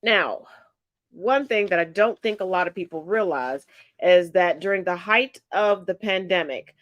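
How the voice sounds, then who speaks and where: A woman hosting a solo political commentary show, congested and stuffy-nosed, reading out figures in a measured, deliberate way. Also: on the low side, fairly bright tone, no room sound.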